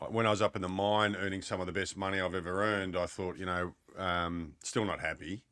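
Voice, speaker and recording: On a podcast, a middle-aged Australian man with an Australian accent recounts his story in casual chat, flavoured with dry humour. His voice is deep and steady, fairly quick and a bit bright.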